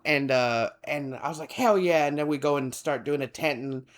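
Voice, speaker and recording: A man's voice: medium pitch, normal speed. A man, co-hosting a podcast and telling a rambling story in casual chat, acting out the people in it. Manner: rambling, animated, acts out quoted people. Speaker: podcast co-host.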